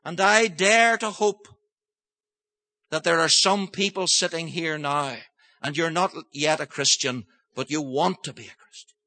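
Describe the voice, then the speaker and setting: An older male preacher gives an impassioned sermon. His voice is bright and sharp, sitting a touch high, and he moves from storytelling to forceful pleading. The recording is dry and close, with no room sound. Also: measured pace, no room sound.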